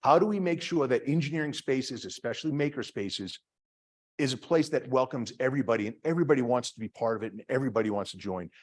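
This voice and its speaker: The department head, a middle-aged man with a Boston accent from Massachusetts, talks fast in his chatty, self-deprecating lecture, filling it with fillers and restarts. His medium pitch carries lively intonation.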